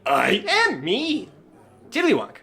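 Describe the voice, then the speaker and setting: A blunt little bird creature that parrots phrases back in a shrill, high, clipped voice, as a game master puts it on. The lines come in short, odd bursts. It is part of a tabletop game. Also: male voice, wildly swooping pitch, slow pace, creaky, bright, forceful tone, heavily acted. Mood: flat. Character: small male kenku bird that mimics voices, blunt.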